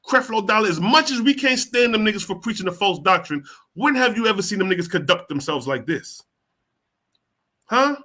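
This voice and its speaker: Guy ranting and preaching over a clip, high voice, swears a lot, keeps asking who's ruling who. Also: bright, forceful tone. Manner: heated, rhetorical questions, heavy profanity. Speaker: host reacting to a video. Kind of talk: profane street-preaching commentary.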